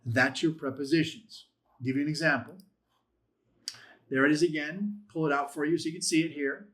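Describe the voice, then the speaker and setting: A man teaches a Bible language class in a church classroom. His voice sits a little higher than most men's, and he explains patiently in a chatty, encouraging way, throwing in light jokes for the class. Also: steady tone, normal speed, fairly bright tone.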